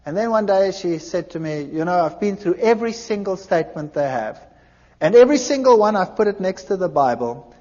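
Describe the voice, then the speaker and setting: A man giving a personal testimony, telling his story in an animated way and acting out the dialogue. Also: sits high. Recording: dull lo-fi recording in a large reverberant hall.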